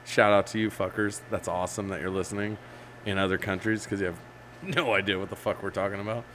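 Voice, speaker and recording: A man's voice: fairly low pitch, level tone, fast talker, fairly bright tone, a little hiss or hum. A man hosting a podcast, chatting casually about beer and old stories, swearing and laughing often. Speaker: podcast host. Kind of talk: casual chat.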